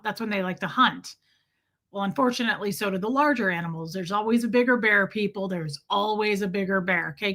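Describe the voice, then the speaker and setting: A woman's voice: medium pitch, sharp tone. A woman hosting a casual livestream from her rural home, chatting with viewers, thanking them by name and swearing freely. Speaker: livestream host.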